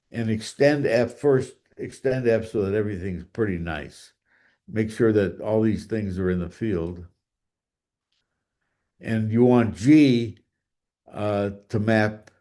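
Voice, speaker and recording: A man's voice: lowish voice, dark tone. A man giving a math lecture, thinking aloud with fillers and restarts and drifting away from the mic now and then.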